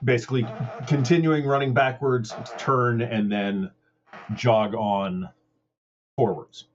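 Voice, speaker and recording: Slow, halting game master with a dull mic. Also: male voice, mid-range voice, fairly even intonation. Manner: hesitant, halting with fillers. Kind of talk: running a tabletop game.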